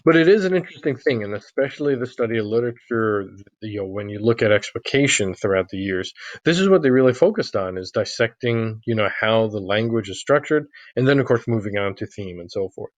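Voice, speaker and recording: A man's voice: fairly low pitch, expressive, brisk, no room sound, muffled recording. A male literature lecturer giving a recorded online lecture, speaking conversationally with frequent "you know" fillers.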